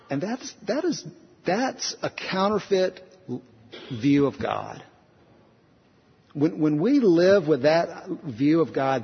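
Gravelly preacher in an echoing hall. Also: male voice, on the high side, sing-song, slow pace, long pauses. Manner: earnest, repeats phrases, frequent restarts and rhetorical questions. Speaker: pastor. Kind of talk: conversational sermon. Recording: dull lo-fi sound with long hall reverb.

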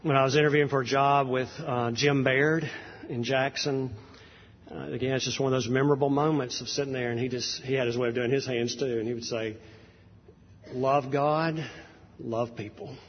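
A pastor talks to his congregation in a loose, anecdotal manner, full of "ums" and restarts. His mid-pitched voice is a little husky. The dull, lo-fi recording carries long hall reverb. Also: flat delivery, fairly quick. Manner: conversational and anecdotal, with frequent fillers. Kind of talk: sermon introduction.

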